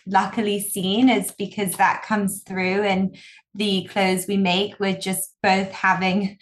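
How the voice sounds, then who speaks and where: A woman's voice: medium pitch, little pitch movement, takes it slowly. A young woman speaking in an interview, talking in long rambling sentences about her design partner. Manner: rambling, full of fillers and restarts. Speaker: designer, guest. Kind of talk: casual interview chat.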